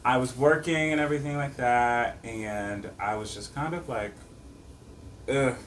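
A man's voice: medium pitch, measured pace. A man hosting a podcast, telling a long casual story in a rambling way, full of "like" and "or whatever.". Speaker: podcast host. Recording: distant mic with faint room noise.

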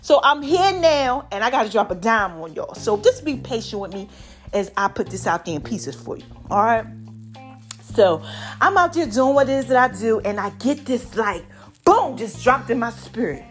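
A woman hosting a casual podcast, animated and drawn out, calling listeners baby and y'all, her voice a bit hoarse from allergies. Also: a little high, moderate pace, faint music behind. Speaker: podcast host.

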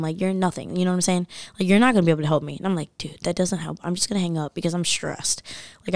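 A woman's voice: fairly low pitch, no room sound, clean studio sound. Chatty young woman telling a story. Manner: animated storytelling, acts out voices, says "like" constantly. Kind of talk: casual chat.

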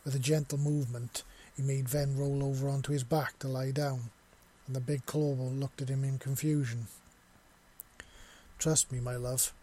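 A man narrating a written story in an audio reading with a steady, even delivery and a husky voice. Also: mid-range voice, moderate pace, hardly any pauses.

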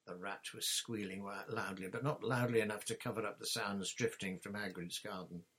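A man reading a storybook chapter aloud as narrator in a steady, even manner. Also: on the low side, normal speed, husky. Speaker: audiobook reader.

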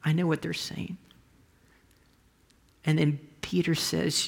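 Gravelly pastor preaching a conversational sermon. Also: medium pitch, little pitch movement, takes it slowly, long pauses, long reverb tail. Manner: storytelling, drops to a soft whisper for emphasis; frequent restarts and trailing phrases.

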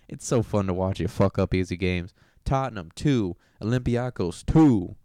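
Brash, profane young man, low smooth voice. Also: darkish tone, dry recording, studio quality. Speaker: host. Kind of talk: casual sports commentary monologue.

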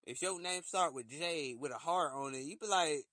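A man talking in a casual solo rant, animated and slipping into shrill put-on voices for quotes. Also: moderate pace, dry recording. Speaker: podcast host.

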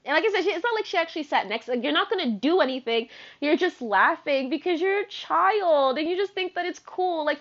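A young woman in her twenties hosting a podcast, telling stories in a chatty, animated way, full of "like" and asides. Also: high voice, a little fast. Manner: chatty, animated, filler-heavy with frequent "like". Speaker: podcast host. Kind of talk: casual storytelling monologue. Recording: dull lo-fi sound.

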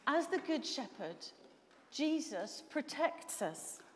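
A woman delivers a sermon in a high, clear voice, unhurried and deliberate. She leans on key words and asks her listeners questions. The long reverb of a large hall trails after her. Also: sing-song, slight background noise. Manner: measured, emphatic, asks the room questions. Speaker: preacher.

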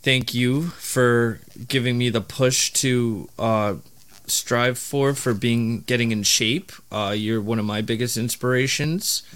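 A man co-hosting a podcast, speaking in a halting, sincere way with many fillers. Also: medium pitch, steady tone, fairly bright tone, clear, resonant tone. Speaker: podcast co-host. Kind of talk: casual chat.

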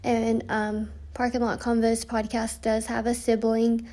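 Her voice sits on the high side, dark in tone and completely flat, at a measured pace. A young woman hosting a podcast, she gives a casual intro monologue from her notes, chatty and full of ums, tired and yawning late at night.

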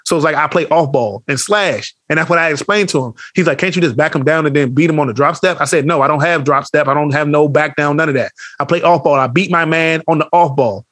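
Fast-talking man telling animated stories. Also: fairly high pitch, dry recording, clean studio sound. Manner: animated storytelling, acts out quotes, heavy slang and swearing. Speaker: podcast co-host. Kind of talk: casual chat.

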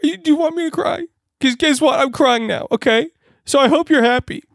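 A man's voice: extremely high pitch, a little fast, vocal fry, fairly bright tone, no room sound, studio quality, heavily acted. A man voicing a whiny, tearful girlfriend stuck in lockdown in an improvised comedy sketch. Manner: whiny, passive-aggressive, tearful.

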